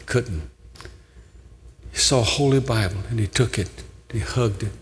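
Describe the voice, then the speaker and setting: A man's voice: fairly low pitch, measured pace. An older man preaching a sermon as pastor, telling a story in an earnest manner and pleading with his listeners. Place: large church sanctuary. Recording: long church hall reverb.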